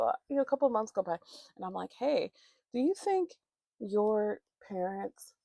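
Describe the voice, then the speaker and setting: A woman's voice: medium pitch, vocal fry, dark tone, no echo, studio quality. A woman vlogger chatting casually, telling a rambling, profane, candid story with many restarts.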